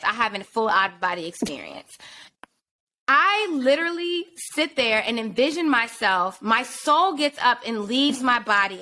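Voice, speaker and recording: A young woman telling a story on her podcast, her voice high and bright. She talks in a lively, profane way and acts out the people in her story. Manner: animated, profane storytelling with acted quotes. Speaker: podcast host. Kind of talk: casual storytelling chat.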